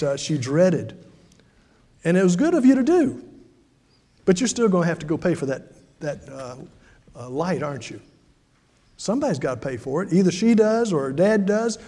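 High-voiced preacher in a reverberant hall. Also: male voice, mellow. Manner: storytelling, conversational with dramatic swings in volume. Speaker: pastor. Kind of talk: sermon.

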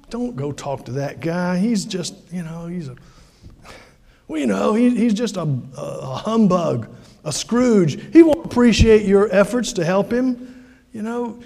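An older male pastor gives a folksy, conversational sermon, tossing in asides and questions to the congregation. His voice sits fairly high but has a dark, mellow tone. It carries a long echo through a large church hall. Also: creaky.

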